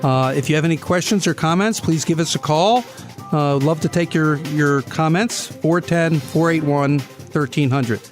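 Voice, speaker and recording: A man's voice: a little high, normal speed, faint music behind. A man hosting a business talk radio show from a studio, easygoing and conversational with frequent filler sounds. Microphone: studio microphone.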